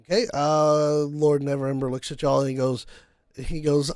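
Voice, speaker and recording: A man's voice: on the high side, flat delivery, moderate pace, a little mellow, no room sound, clean studio sound. A young man narrating a tabletop game as game master in a casual way, full of fillers.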